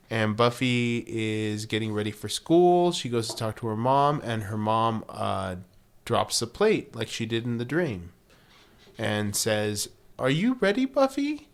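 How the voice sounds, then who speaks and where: A man co-hosting a podcast, recapping a TV episode in casual chat, laughing often and cracking jokes. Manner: laughing, wisecracking, jumps into high mock voices for quotes. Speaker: podcast co-host.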